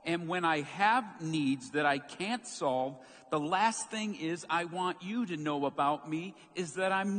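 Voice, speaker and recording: A man preaching a sermon as pastor, telling a story with lively, acted-out moments. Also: sits high. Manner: animated storytelling, acts out quoted shouts. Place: church sanctuary. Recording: long church hall reverb.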